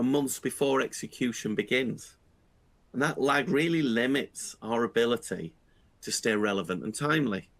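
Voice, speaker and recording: Low gravelly-voiced man explaining audit planning. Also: fairly bright tone. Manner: measured, with frequent restarts and fillers. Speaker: internal audit speaker. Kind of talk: explanatory webinar talk.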